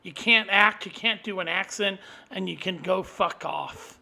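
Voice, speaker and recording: A man with a high, piercing voice rants alone at the camera. He talks in a combative, profane stream and keeps flaring into louder outbursts. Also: a little slow, creaky. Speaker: vlogger. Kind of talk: angry solo rant to camera.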